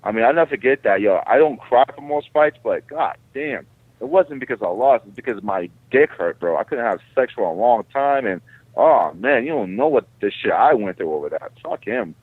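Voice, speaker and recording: A man who is a guest fighter, telling stories in an animated, profane, casual way. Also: mid-range voice, normal speed, breathy edge, no room sound. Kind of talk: casual interview. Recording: tinny phone line.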